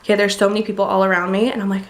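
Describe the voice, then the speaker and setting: Rapid-fire and mid-range, a young woman vlogging from college rattles through a personal story with plenty of likes, ums, and other fillers. The more she retells it, the more excited and chatty she gets.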